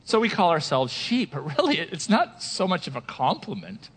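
Animated high-voiced male preacher. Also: normal speed, breathy edge. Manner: animated, acts out quoted voices, asks the congregation questions. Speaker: pastor. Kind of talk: sermon.

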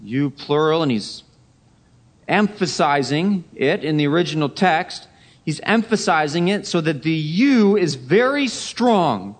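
A man preaching a Sunday sermon, emphatic, repeating key phrases and dropping to a hush for effect. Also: a little high, animated, measured pace. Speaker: pastor.

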